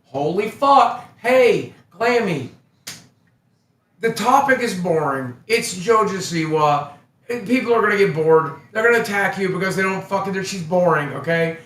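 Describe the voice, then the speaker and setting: Man, high pitch, crude and dismissive, heard distant in an echoey room. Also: animated, unhurried, a bit bright. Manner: blunt, profane, dismissive. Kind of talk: crude rant. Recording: roomy, from away from the mic.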